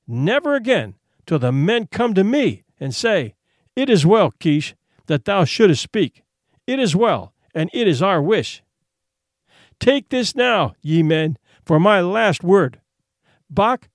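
A man's voice: sits high, no room sound, studio quality, exaggerated voice. A man voicing a proud young boy who speaks in formal, old-fashioned words before the elders. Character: bold proud boy hunter, solemn.

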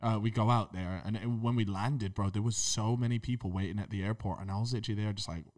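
A young man in a casual podcast chat, telling a story in slangy, animated bursts with lots of repeated fillers. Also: on the low side, fast talker. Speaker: podcast co-host.

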